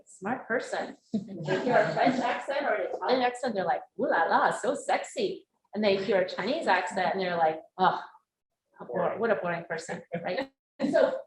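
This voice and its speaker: Woman career coach, emphatic live speaker, echoey hall mic. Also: mid-range voice. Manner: earnest, emphatic, animated. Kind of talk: live talk and audience Q&A. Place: event room before a live audience. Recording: echoey room, faint noise.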